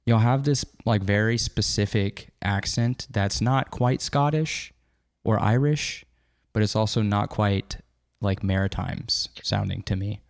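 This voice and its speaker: A man in his early thirties hosts a relaxed podcast chat, loose and a little profane. His voice sits low with plenty of fry. The sound is dry and close. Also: a little slow, no echo. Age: 30s. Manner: loose, swearing, chatty. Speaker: podcast host. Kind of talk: casual chat.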